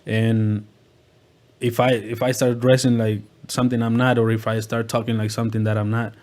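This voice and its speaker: A man's voice: medium pitch, level tone, moderate pace, a little mellow. A man who is a rapper, talking as a guest in casual chat, hesitant and repeating words with lots of fillers.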